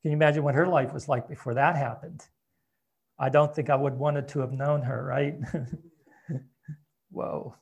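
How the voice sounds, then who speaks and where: A man preaching a sermon in a conversational way, reading scripture aloud and dropping to a soft, hushed voice at tender moments. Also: mid-range voice, steady tone, measured pace, creaky, long pauses, husky, muffled recording. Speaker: pastor.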